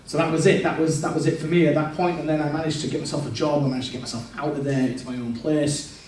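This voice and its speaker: Man, personal church testimony, candid storytelling, quotes his past self, booming echo, faint background hiss. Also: fairly even intonation, quick pace, darkish tone. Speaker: speaker giving a testimony. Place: large echoey church hall. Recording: echoey church hall, distant mic.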